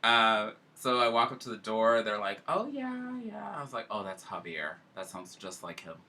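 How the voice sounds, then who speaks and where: A man hosting a casual chat, telling a story in an animated, emotional way. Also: fairly low pitch, moderate pace.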